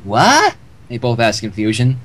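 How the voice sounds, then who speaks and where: A fanfic reader with a slightly high voice reads a comedy fanfic aloud on a livestream at a fairly quick pace. His reading is lively, and he jokes about and laughs at the text as he goes.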